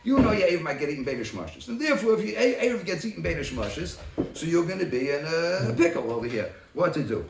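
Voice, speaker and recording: A man leading a Talmud study group who talks through a case by acting out both sides in quick exchanges. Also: fairly high pitch, big pitch swings, vocal fry, a little hiss or hum. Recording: roomy, from a distance.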